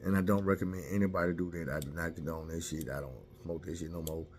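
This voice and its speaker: A man's voice: sits low, fairly even intonation, quick pace, slight background noise. A man casually telling a candid, profane story about himself and mocking his own mistakes.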